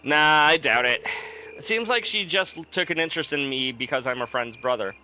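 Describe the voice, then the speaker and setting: A man's voice: on the high side, animated, moderate pace, bright, forceful tone, soft background music, low-quality recording. A man reading the part of a modest, level-headed young male student in plain game dialogue.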